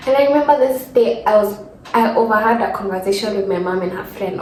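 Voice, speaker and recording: A woman's voice: mid-range voice, a little fast, a little mellow, echoey room, a little hiss or hum, poor audio. A young Kenyan woman in her twenties with a Kenyan accent, telling a casual sit-down story from her room, rambling with lots of fillers and close to tears. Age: 20s. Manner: chatty, rambling with many fillers and restarts. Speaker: vlogger.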